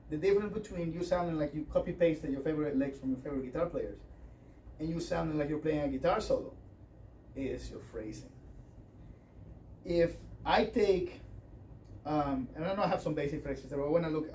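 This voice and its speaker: A man's voice: fairly high pitch, brisk, dark tone. A man teaching a guitar workshop, talking in a rambling, conversational way with many fillers. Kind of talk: workshop lesson with playing demonstrations. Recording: distant mic with faint noise.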